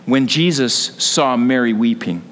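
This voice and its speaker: A man's voice: medium pitch, a little slow, slight background noise. Earnest preaching man in a reverberant hall. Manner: earnest, rising to passionate emphasis. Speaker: pastor. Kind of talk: sermon.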